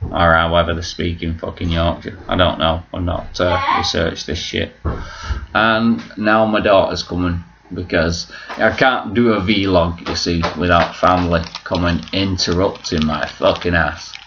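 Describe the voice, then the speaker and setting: A man's voice: low-pitched, little pitch movement, a little slow, muffled recording, noisy background. A man vlogging at home, rambling through a joking, self-mocking monologue full of swearing.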